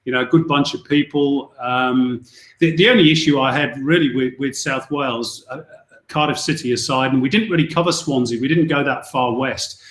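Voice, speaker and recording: A man's voice: mid-range voice, moderate pace. Englishman telling stories in an echoey room. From England. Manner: relaxed storytelling, frequent fillers and restarts. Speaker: guest sports commentator. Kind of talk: casual podcast interview.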